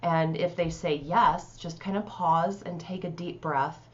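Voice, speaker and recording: A woman life coach giving calm, conversational advice, with frequent "you know" fillers. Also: fairly low pitch, unhurried, lo-fi sound. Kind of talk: casual advice talk to camera.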